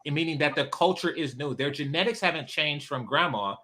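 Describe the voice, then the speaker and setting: A man from California hosting a casual debate, measured but insisting on finishing his point. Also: fairly high pitch, heavy background noise.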